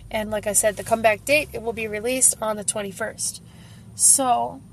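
Slow-talking emotional woman fan vlogger. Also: fairly high pitch, a little mellow. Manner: emotional, laughing and tearful, gushing. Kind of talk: casual fan vlog reaction.

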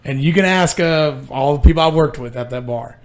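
A young man with a high, light voice chats loosely as a podcast co-host. He tells crude bathroom stories and keeps laughing through them. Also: brisk. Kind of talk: casual chat.

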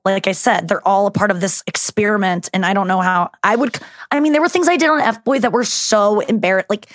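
A woman's voice: medium pitch, dry recording, studio quality. Candid rambling woman telling stories. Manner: rambling, candid storytelling with frequent "like" and swearing. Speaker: guest, show host. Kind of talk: casual podcast chat.

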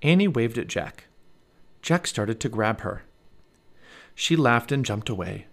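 Expressive male storybook narrator. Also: medium pitch, unhurried, creaky. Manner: expressive and animated. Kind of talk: storybook read-aloud.

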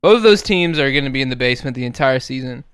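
A man's voice: medium pitch, animated, fast talker, fairly bright tone, clean tone, no room sound. A young man co-hosting a casual podcast, laid-back and teasing. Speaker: podcast co-host. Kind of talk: casual banter.

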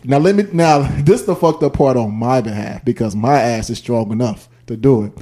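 A man's voice: medium pitch, normal speed, warm tone. A young man with a Chicago accent telling stories in casual podcast chat, laughing often and mimicking voices. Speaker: podcast guest, percussionist.

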